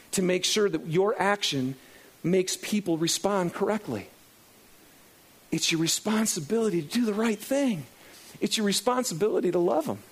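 A middle-aged man preaching a sermon to a congregation, animated and acting out his own inner dialogue. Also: on the high side. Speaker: pastor. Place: in front of a congregation.

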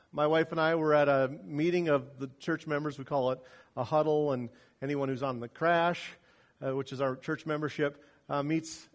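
A pastor with a fairly high-pitched male voice delivers a sermon built around a personal story. He swings widely between loud emphasis and quiet asides.

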